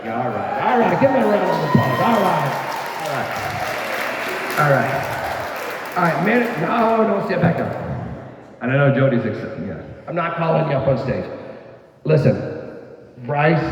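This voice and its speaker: A middle-aged man, hoarse as his voice gives out, giving a folksy father-of-the-bride wedding toast full of "all right"s. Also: a little high, a little mellow. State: hoarse, voice going. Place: wedding reception hall. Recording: echoey hall, far from mic, dull sound.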